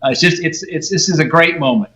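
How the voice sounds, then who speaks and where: A man's voice: fairly high pitch, fast, fairly bright tone, roomy sound, rough recording. A man, a senator, answering interview questions earnestly over a video call.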